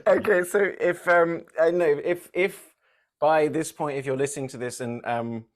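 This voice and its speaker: A man's voice: a little high, fairly even intonation, normal speed. Chatty man co-hosting a movie podcast. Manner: chatty, rambling, self-correcting. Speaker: podcast co-host. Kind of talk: casual movie podcast chat.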